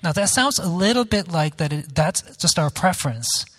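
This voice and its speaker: A man moderating a debate, putting questions to a panelist with many halting restarts. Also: a little high, expressive, a bit bright. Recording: long hall reverb.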